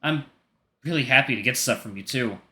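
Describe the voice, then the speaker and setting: A man's voice: mid-range voice, a little fast, sharp tone. A man voicing a sweet, eager young man with a put-on Southern country accent. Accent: American Southern, put on.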